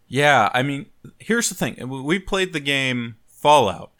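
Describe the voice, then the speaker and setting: A man hosts a casual podcast chat in a bright, forward voice. He is chatty and jokey, with plain middle pitch. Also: animated, measured pace. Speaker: podcast host.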